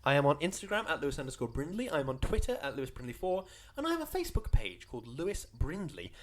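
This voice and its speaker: Fast, lively podcast guy. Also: a little high, a little hiss or hum. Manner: enthusiastic, fast, bouncy intonation. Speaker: podcast co-host. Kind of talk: casual chat.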